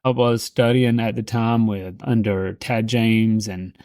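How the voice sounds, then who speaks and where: Middle-aged male sales coach, casual and animated storyteller, dry close sound. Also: lowish voice, takes it slowly, no room sound. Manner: animated, shifts into quoted voices.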